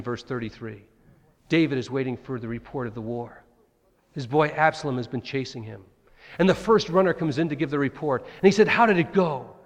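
A man preaching a sermon, dramatically acting out the cries of Bible figures. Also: medium pitch. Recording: long hall reverb.

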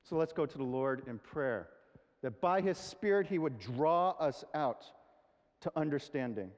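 A man preaching a sermon in an earnest, conversational way, with reflective pauses. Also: a little high, expressive, a little mellow. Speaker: pastor. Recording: long reverb of a large hall.

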